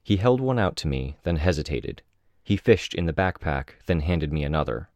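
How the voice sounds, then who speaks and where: A man reading first-person audiobook narration in a measured, even way. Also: rumbling low, no room sound. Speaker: audiobook reader.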